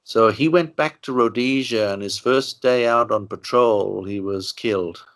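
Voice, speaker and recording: A man's voice: on the low side, a little slow, fairly bright tone. An older man from Ireland, an interviewee, telling long stories in a rambling way with many "you know" asides. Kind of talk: relaxed storytelling interview.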